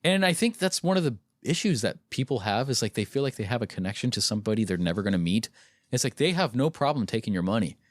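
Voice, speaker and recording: A man's voice: medium pitch, big pitch swings, fast talker, no echo, studio quality. A man hosting a casual podcast with friends, ranting bluntly and with exasperation, swearing freely. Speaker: podcast host.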